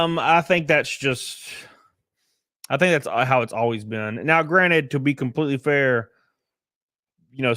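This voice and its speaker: A young man with a drawl talks live to his viewers, blunt and often profane, wandering between thoughts with plenty of ums. His voice sits at an ordinary middle pitch. The sound is dry and close, with no room around it. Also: fairly bright tone, no room sound. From American South. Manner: blunt, profane, rambling with many fillers. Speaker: streamer. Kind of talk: casual live-stream chat reading comments.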